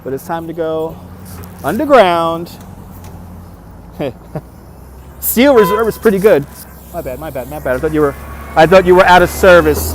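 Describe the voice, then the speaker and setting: A man's voice: fairly high pitch, expressive, moderate pace, long pauses. A man hosting a casual nighttime walking livestream outdoors on city streets, upbeat and thanking viewers for their donations, recorded on a phone. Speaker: livestream walking tour host. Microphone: phone on a handheld gimbal.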